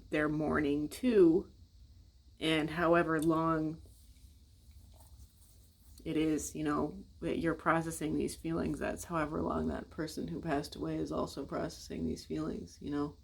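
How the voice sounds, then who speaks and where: A woman's voice: low voice, little pitch movement, a little slow, gravelly, slightly rough. An American woman vlogging in casual, blunt, rambling talk, swearing and speaking straight to her viewers. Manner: blunt, rambling and profane, addresses viewers directly.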